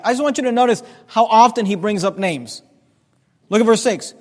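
A man's voice: high voice, fast. A man preaching a sermon as pastor, reading scripture aloud with rising emphasis. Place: church sanctuary. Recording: reverberant church hall.

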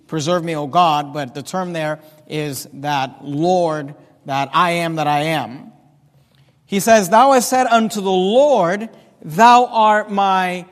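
Pastor, male, high-pitched, emphatic preaching, long church-hall reverb. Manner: preaching, drawn-out emphatic quoting of scripture. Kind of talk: sermon.

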